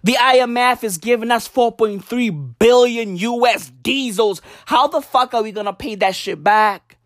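A woman's voice: on the high side, normal speed, dry recording, clean studio sound. A woman delivering a comedic rant, profane and slangy, hammering her points with repetition. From South Africa.

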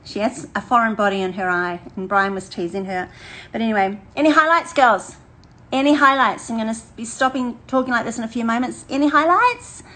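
An older woman, chatting warmly and energetically to a women's church group, laughing often and repeating phrases. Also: fairly high pitch, steady tone, brisk, low-quality recording. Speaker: women's ministry leader. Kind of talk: casual livestream chat to a women's group.

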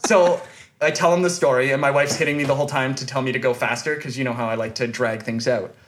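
A man's voice: medium pitch, steady tone, quick pace. A man telling a long, rambling story on a podcast, full of restarts and fillers. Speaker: podcast host. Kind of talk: casual storytelling chat.

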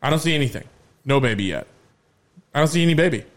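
A man hosting a podcast, telling stories in a lively, casual way and swearing freely. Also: on the high side, fast. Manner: animated storyteller, swears freely. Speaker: podcast host.

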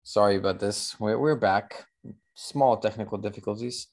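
A man hosts a long-form interview podcast with a lowish voice. He asks halting, searching questions in a relaxed conversational way. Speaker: podcast host. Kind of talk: casual interview talk.

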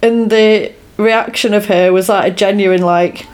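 A woman's voice: medium pitch, steady tone, measured pace, clear, resonant tone. A woman in casual podcast chat, recapping a film scene by scene, laughing often and quoting lines in put-on voices. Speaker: podcast co-host.

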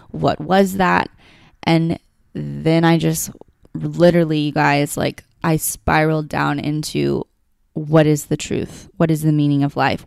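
A woman's voice: low-pitched, vocal fry, darkish tone, no echo, clean studio sound. A woman telling a personal story in a candid, heartfelt way, full of "like" and "you know". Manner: emotional, heartfelt, filler-heavy with frequent "like".

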